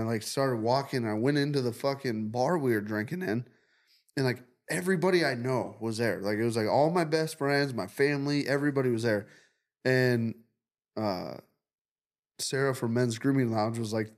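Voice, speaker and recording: Profane rambling male storyteller. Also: mid-range voice. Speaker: podcast co-host. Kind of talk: casual chat, telling a dream story.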